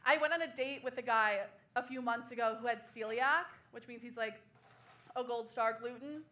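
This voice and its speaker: A woman's voice: fairly high pitch, normal speed, sharp tone. A woman in her twenties doing a sardonic, self-mocking stand-up comedy set on a small club stage.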